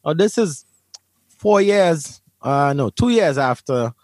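A man's voice: on the high side, animated, takes it slowly, no echo. A man from Brooklyn, New York, telling a personal story to an interviewer in a vivid, emphatic way, often repeating his words. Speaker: interview guest. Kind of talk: storytelling in conversation.

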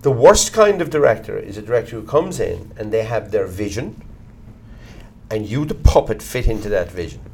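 A middle-aged Irish actor being interviewed, talking bluntly and swearing casually as he tells animated stories. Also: fairly low pitch, moderate pace, vocal fry, breathy edge. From Ireland. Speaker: actor, guest. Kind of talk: candid conversational interview.

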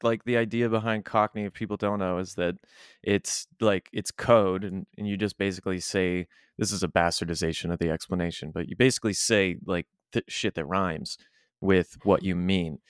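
A man's voice: deep voice, fairly even intonation, normal speed, clean tone, no room sound, clean studio sound. A man co-hosting a casual comedy podcast, telling stories with lots of laughs and casual swearing. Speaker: podcast co-host.

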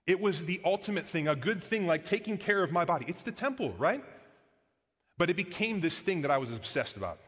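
A man's voice: sits high, big pitch swings, brisk, a bit bright, breathy edge, in a large hall. A man preaching as pastor, casual and earnest, with frequent "like" and "guys" between points. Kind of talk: sermon. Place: church sanctuary.

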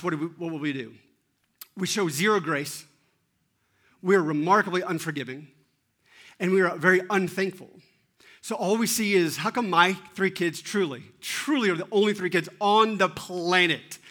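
A man in his thirties giving an animated, self-deprecating sermon and often asking the audience questions. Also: high-pitched. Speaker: teaching pastor.

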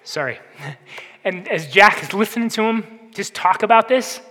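A man with a high, bright, ringing voice preaches in a long-echoing sanctuary. He presses his listeners with rhetorical questions. He swings between forceful emphasis and hushed, earnest stretches. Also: expressive, normal speed. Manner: impassioned preaching, rhetorical questions, dips to soft intensity. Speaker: pastor. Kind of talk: sermon. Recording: reverberant hall.

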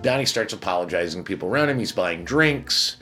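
Blunt, low-voiced man telling a story. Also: animated, brisk, bright, forceful tone, faint music behind. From Chicago. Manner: blunt and profane, many restarts. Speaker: casino hotel security manager. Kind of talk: casual storytelling.

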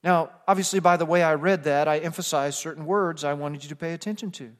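A man preaching a sermon as pastor, moving between quiet conversational asides and emphatic, rising passages. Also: sits high, brisk, few pauses. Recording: long hall reverb.

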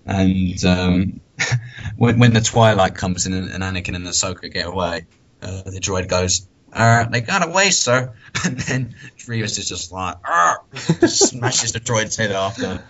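This podcast co-host has a deep voice with fairly even intonation and a measured pace. He chats casually, laughs often, and acts out quotes as he talks, all on a dull lo-fi recording.

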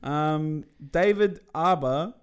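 A man's voice: on the high side, slow pace, background noise. A young man co-hosting a casual podcast, cracking jokes and laughing a lot. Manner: joking, laughs often, mock news delivery. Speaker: podcast co-host. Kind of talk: casual joking chat.

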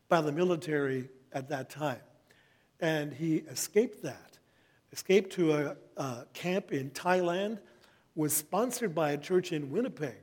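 A middle-aged man delivers a sermon to his congregation in a slightly high voice. His talk is measured and earnest, and he slows down when reading scripture aloud. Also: darkish tone. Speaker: pastor.

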